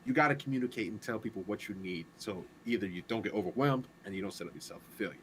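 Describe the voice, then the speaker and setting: A man co-hosting a casual talk show, calmly explaining things with everyday examples. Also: fairly low pitch, fast, slight background noise, rough recording. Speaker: podcast co-host. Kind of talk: casual chat.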